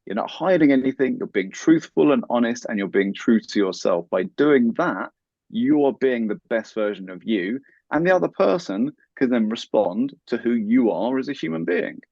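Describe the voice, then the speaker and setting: A man's voice: mid-range voice, animated, normal speed, creaky, darkish tone, dry recording. A man talking as a guest in an interview, earnest and giving advice. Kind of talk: conversational interview. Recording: dull, lo-fi, dry sound.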